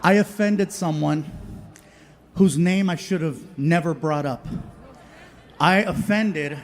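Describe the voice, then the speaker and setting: Man, stand-up comedian, high voice, animated, live stage. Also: slow pace, a little hiss or hum. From United States. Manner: animated, acts out voices, swings between loud and soft. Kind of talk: stand-up storytelling.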